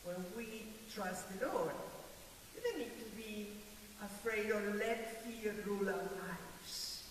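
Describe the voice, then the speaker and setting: A woman's voice: mid-range voice, animated, takes it slowly. An older woman pastor with a non-native English accent preaches a sermon, emphatic, repeating key phrases and laughing lightly. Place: church sanctuary. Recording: echoey hall from far off, faint hiss.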